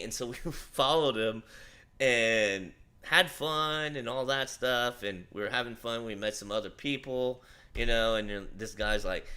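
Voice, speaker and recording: A man hosting a livestream, telling a long casual story in a rambling, animated way with frequent swearing. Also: mid-range voice, measured pace. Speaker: livestream host.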